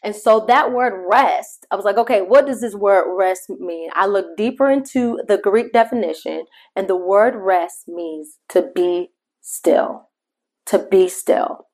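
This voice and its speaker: Woman podcast host, middle-aged, mid pitch, conversational devotional storyteller who talks straight to her listeners. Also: darkish tone. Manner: shifts pace between slow emphasis and quick asides.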